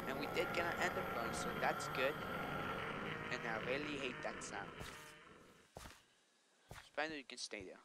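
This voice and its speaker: A man's voice: mid-range voice, animated, normal speed, pauses often, heavy background noise. A man giving casual gameplay commentary, chatting to viewers and scolding the monsters aloud. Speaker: let's play host.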